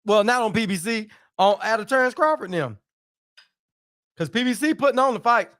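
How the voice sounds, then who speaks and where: A man with a high voice talks loosely with his live-stream viewers, throwing out slang and short asides. He greets people by name and keeps up relaxed banter. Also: brisk. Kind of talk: casual live-stream chat.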